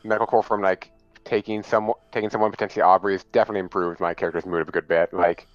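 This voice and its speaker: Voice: deep voice, level tone, racing, no echo, lo-fi sound, faint music behind. A tabletop game player talking casually, rambling with many fillers. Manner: rambling, lots of likes. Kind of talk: casual chat.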